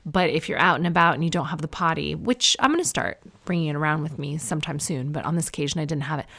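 A woman's voice: sits low, quick pace, creaky, bright, forceful tone. A Canadian woman in her thirties, chatting at home in a self-mocking, opinionated way. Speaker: vlogger. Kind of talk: casual chat to camera. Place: indoors at home.

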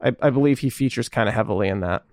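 A man's voice: medium pitch, fast, no room sound, studio quality. A man co-hosting a podcast, chatting in a rambling, enthusiastic way and swearing casually. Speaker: podcast co-host. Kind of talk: casual chat.

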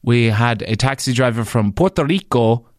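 An Irish man hosting his own podcast tells stories in a loose, rambling monologue, swearing freely and jumping up in pitch when he stresses a point. His voice sits at an ordinary middle pitch for a man. The sound is dry and close, with no room in it. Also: normal speed, dry recording. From Ireland. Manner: animated, swears freely, leaps up in pitch for emphasis. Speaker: podcast host and radio presenter. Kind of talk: casual storytelling monologue.

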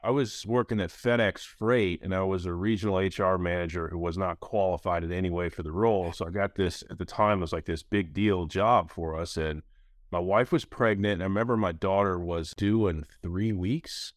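A man in his thirties hosting a casual podcast, telling stories in an animated way. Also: low-pitched, normal speed, dry recording, clean studio sound. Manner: animated storyteller, acts out quoted voices. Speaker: podcast host.

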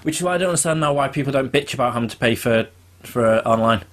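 Relaxed man with lots of fillers. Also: medium pitch, racing. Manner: relaxed, filler-heavy, storytelling. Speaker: podcast co-host. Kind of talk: casual podcast chat.

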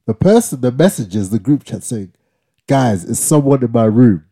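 A man's voice: medium pitch, lively intonation, normal speed, warm tone. A young man, co-hosting a podcast and animatedly retelling a story, acting out quotes with slang and tagging lines with "yeah?". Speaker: podcast co-host. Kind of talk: casual storytelling chat.

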